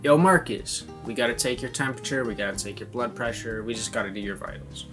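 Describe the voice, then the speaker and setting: A man voicing a young female student nurse in quiet, flat quoted lines, with guitar music playing behind. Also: medium pitch, fast, lightly acted. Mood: unsure.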